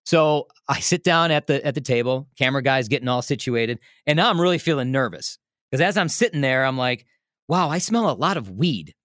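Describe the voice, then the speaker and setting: A man telling a story in a casual, animated way, laughing often and restarting his sentences. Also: medium pitch, a little fast, no room sound, clean studio sound. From Milwaukee area, United States. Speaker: radio host telling a story as a podcast guest.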